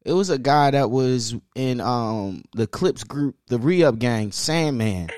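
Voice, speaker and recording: A man's voice: medium pitch, animated, slow pace, a little mellow, no room sound, studio quality. A man hosting a casual chat, talking in slang and laughing a lot. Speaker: podcast host.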